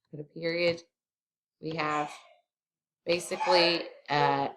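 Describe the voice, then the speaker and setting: A woman's voice: deep voice, a bit bright. A woman teaching a grammar lesson, explaining each step in a chatty way with casual asides.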